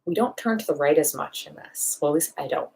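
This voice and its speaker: A woman dog trainer giving a practical, step-by-step lesson in a live online question-and-answer session, with quick acted-out asides. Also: low voice, expressive, gravelly, darkish tone.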